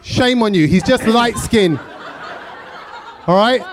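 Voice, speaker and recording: A man's voice: high voice, slow. A man hosting a live comedy podcast on stage, teasing the audience with cheeky banter. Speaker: podcast host.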